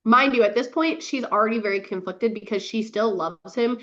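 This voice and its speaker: A woman's voice: on the high side, fairly bright tone. Giggly, profane young woman on a dull recording. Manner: gushing and profane, quick bursts of laughter. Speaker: podcast host. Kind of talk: casual book review chat.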